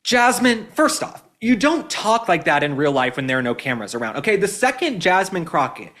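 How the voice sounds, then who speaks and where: A man's voice: sits high, big pitch swings, fairly quick, a bit bright. A man from Texas hosting a political commentary show, talking with indignant mockery. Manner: indignant, mocking. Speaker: host.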